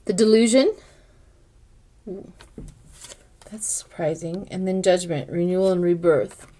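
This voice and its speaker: A woman's voice: lowish voice, normal speed, mellow, a little hiss or hum. An older woman giving a casual tarot reading to her viewers, thinking aloud as she interprets each card. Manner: chatty, speaks directly to viewers. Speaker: tarot reader.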